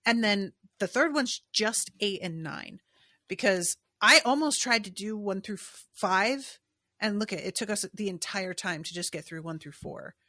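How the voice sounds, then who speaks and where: A woman's voice: medium pitch, normal speed, sharp tone, dry recording. A woman hosting a podcast, chatting casually and candidly about a book and swearing freely. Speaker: podcast host. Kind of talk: casual book discussion chat.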